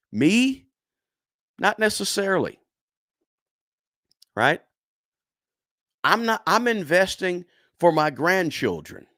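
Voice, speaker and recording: This chatty middle-aged man hosts a casual investing lesson on livestream, reading chat and cheering viewers on. He's repetitive and emphatic, often ending lines with "right?" His voice is fairly high and a bit bright, recorded dry and close with no echo.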